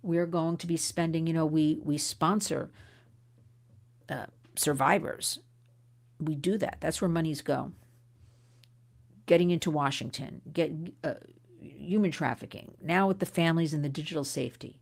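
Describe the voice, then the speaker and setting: Middle-aged woman, low-pitched, hosting an advocacy livestream; urgent, earnest, often restarts mid-sentence. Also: normal speed, creaky, long pauses. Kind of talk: impassioned livestream address to viewers.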